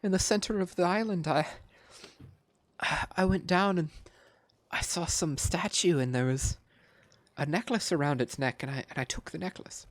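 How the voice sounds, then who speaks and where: A man voicing a guilt-stricken villager who sobs and rambles out apologies, high and strained above his own voice. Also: moderate pace, dry recording, natural voice. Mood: sobbing apology. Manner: pleading, rambling, choked.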